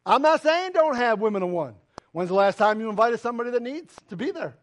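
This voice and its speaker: A man's voice: very high-pitched, lively intonation, quick pace. A man preaching a sermon as pastor, emphatic and full of direct questions to the congregation. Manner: emphatic, preaching with rising and falling intensity.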